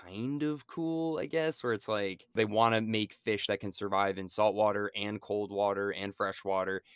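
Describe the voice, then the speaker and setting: A man co-hosting a casual movie-review podcast, animated and mocking as he acts out scenes. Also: fairly low pitch, moderate pace, clear, resonant tone, no room sound, clean studio sound. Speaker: podcast co-host. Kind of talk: casual film-review chat.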